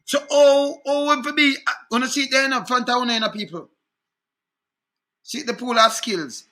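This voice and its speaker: A Jamaican man with a high voice and a very bright, sharp tone rants about politics. He is indignant and talks to his listeners directly, checking in with them again and again. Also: unhurried. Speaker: online commentator. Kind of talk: animated political rant.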